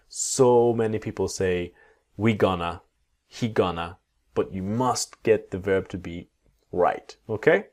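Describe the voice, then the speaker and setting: Slow, low-voiced male English teacher. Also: darkish tone. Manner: slow, deliberate modeling of sounds for repetition. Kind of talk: pronunciation lesson.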